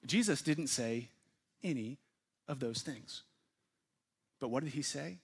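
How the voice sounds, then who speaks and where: A man preaching a sermon to his church, earnest, putting questions to the listeners and swinging from forceful emphasis to hushed, quiet phrases. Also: medium pitch, takes it slowly, vocal fry, pauses often, slightly rough. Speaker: pastor.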